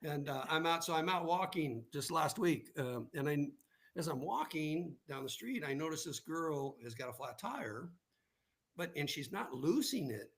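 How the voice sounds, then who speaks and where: A man's voice: a little high, lively intonation, normal speed, a bit bright. A man who is a guest on a live show, casually telling personal stories and often checking in with "right?". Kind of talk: casual storytelling in conversation.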